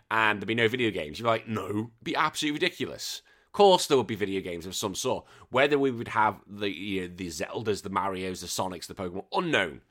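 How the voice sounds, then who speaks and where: Male podcast host, bright voice, excitable, rambling, swears a lot. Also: lowish voice. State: recovering from illness. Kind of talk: casual chat.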